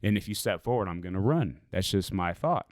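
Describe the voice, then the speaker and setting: Guy on a podcast mic telling a long story, kinda low voice, smooth, cusses a lot, dry close sound. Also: lively intonation, fairly quick, a little mellow, no room sound. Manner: loose, rambling, swears freely. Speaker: podcast co-host. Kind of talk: casual storytelling chat.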